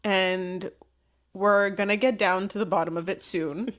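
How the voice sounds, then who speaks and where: A woman's voice: mid-range voice, fairly even intonation, unhurried, fairly bright tone. A young woman co-hosting a podcast in a studio, chatting casually and laughing often. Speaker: podcast co-host. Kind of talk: casual chat. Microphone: studio mic.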